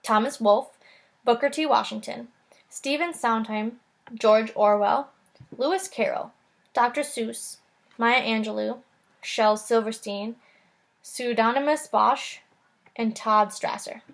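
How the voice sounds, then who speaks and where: A woman teacher reading a children's chapter book aloud in a calm, clear storytelling manner. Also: a little high, slow pace, long pauses.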